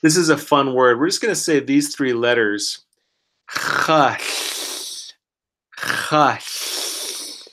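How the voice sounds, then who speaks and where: A man teaching pronunciation one-on-one, encouraging and full of praise, modeling each word very slowly while sick and clearing his throat. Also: mid-range voice, fairly bright tone. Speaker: language teacher.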